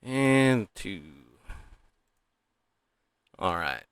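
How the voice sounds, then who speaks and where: A man's voice: fairly low pitch, big pitch swings, extremely slow, a bit bright, smooth, no echo, studio quality. A man giving casual, opinionated political commentary, rambling and sighing often.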